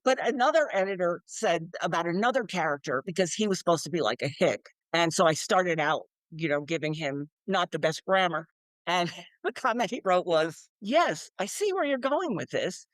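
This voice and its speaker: A woman's voice: lowish voice, animated, moderate pace, dry recording. An older woman, an author being interviewed, chatting animatedly and acting out quoted voices with frequent laughs. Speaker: author and guest. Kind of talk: casual interview chat.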